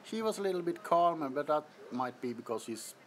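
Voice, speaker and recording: A man's voice: fairly high pitch, lively intonation, brisk, slight background noise. A man with a Swedish accent hosting a casual livestream from an apartment, laughing often as he shows off kittens. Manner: giggly, amused, introducing kittens. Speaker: livestream host. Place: indoors, apartment.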